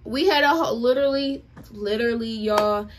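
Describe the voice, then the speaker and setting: A young woman vlogger telling a story in casual chat, animated and dramatic, talking straight to her viewers. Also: on the high side, normal speed. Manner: animated, dramatic retelling, addresses viewers as y'all.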